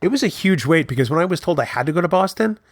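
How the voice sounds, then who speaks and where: A man's voice: fairly high pitch, rapid-fire, no echo, clean studio sound. A man co-hosting a podcast, telling long funny anecdotes in casual chat. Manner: storytelling, animated anecdotes. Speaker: podcast co-host.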